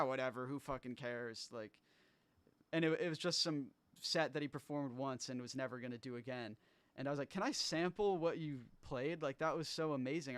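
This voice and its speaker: A man's voice: fairly high pitch, fairly bright tone, clear, resonant tone, dry recording. A man casually breaking down how he made his own album on a livestream, rambling loosely, swearing, trailing off and restarting.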